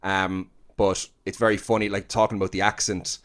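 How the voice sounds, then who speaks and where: Chatty Cork man, lowish voice. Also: flat delivery, fairly quick, a bit bright, smooth. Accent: Cork Irish. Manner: rambling, filler-heavy, laughing. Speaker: comedian guest. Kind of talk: casual chat.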